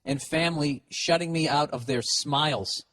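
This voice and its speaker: A man putting on a whiny, melodramatic young man who reads out a mournful letter slowly and in an overwrought way. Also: fairly high pitch, fairly bright tone, close to an everyday voice.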